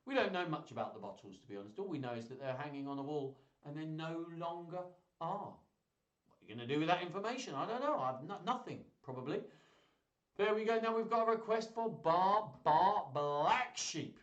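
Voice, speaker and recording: A man's voice: a little high, lively intonation, fairly quick, a bit bright, reverberant, lo-fi sound. A man hosting a live-streamed children's music show. He chats playfully with toys and viewers between songs. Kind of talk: live-streamed kids' singalong chat.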